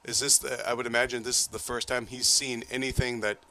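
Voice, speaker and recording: A man's voice: mid-range voice, little pitch movement, quick pace, bright, forceful tone. A man with a Boston accent interviewing a director over trailer footage, chatty and friendly as he prompts questions.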